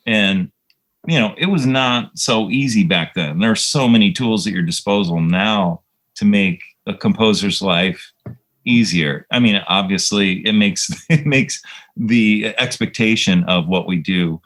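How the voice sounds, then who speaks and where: A man's voice: on the low side, unhurried, a bit bright, rough recording. A man, a composer guest, chatting in a casual interview and telling reflective, rambling stories with many fillers.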